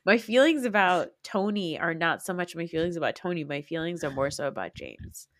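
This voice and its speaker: A woman hosting a podcast in casual chat, animated, laughing often and acting out scenes as she talks. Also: on the low side, a little fast, no room sound, studio quality. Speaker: podcast host.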